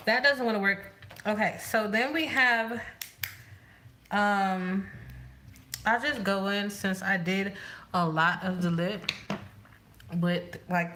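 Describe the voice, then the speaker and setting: A woman vlogger chatting casually to herself as she does her makeup, rambling and thinking out loud. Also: mid-range voice, takes it slowly, pauses often, a little hiss or hum. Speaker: beauty vlogger. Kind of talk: casual chat while doing makeup.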